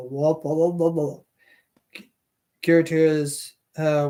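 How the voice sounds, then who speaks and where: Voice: mid-range voice, dark tone. A streamer reading a novel aloud live, tripping over hard words, correcting themselves, and breaking off for chatty asides.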